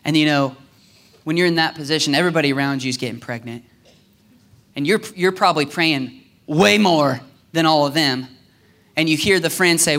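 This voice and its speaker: Guy preaching a sermon, kinda high voice, acts out the prayers, goes real quiet sometimes. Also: normal speed. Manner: animated, acts out prayers and quotes with swings in pitch and loudness. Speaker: pastor.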